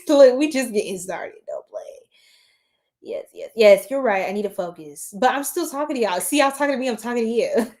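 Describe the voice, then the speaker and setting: A woman's voice: on the high side, lively intonation, normal speed, darkish tone. Female tarot streamer, late at night; tired, scattered, giggly, chats with viewers nonstop. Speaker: tarot reader livestreaming.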